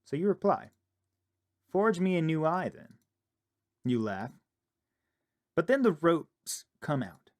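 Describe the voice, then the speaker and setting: A man playing a horror game, reading the on-screen text aloud in a low murmur and reacting with loud, startled outbursts. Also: sing-song, slow, long pauses. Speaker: gaming video creator. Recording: loud game music under the voice.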